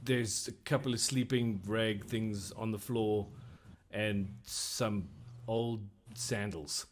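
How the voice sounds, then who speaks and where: A man's voice: on the low side, steady tone, takes it slowly, slight background noise. A man narrating as game master, with loose, rambling, hesitant phrasing.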